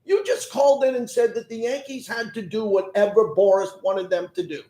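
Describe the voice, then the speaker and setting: A man's voice: high voice, fairly even intonation, moderate pace, mellow, roomy sound, poor audio. A man hosting sports talk radio, arguing with callers and firing off rhetorical questions. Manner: combative, fires rhetorical questions.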